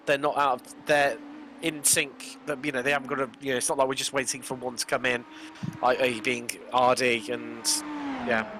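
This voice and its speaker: A man's voice: mid-range voice, flat delivery, normal speed, noisy background. A man co-commentating on a sim race, chatty and jokey in friendly back-and-forth with his partner.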